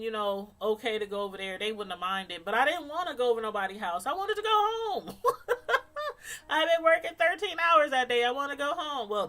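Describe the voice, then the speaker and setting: Laughing frequently and leaning on plenty of fillers, a middle-aged woman with a mid-range voice relates a story in her vlog with a relaxed, lively manner.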